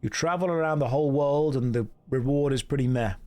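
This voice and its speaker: A man's voice: medium pitch, fairly quick, darkish tone. A British man live-streaming a game, chatting casually and joking as he reads out and riffs on viewer messages.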